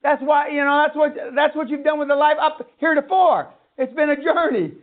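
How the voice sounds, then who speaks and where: A man lectures a seminar crowd in a blunt, profane rant, hammering his points home. His voice sits very high for a man. The sound is thin and narrow, like a phone line. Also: a little fast. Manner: blunt, swearing, ranting. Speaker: seminar speaker.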